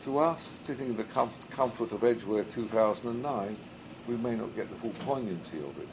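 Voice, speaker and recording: A man's voice: mid-range voice, animated, fairly quick, noisy background. A man teaching a Midrash class as a rabbi, reading Hebrew and then translating it, and asking rhetorical questions that he answers himself. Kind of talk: Midrash study lesson.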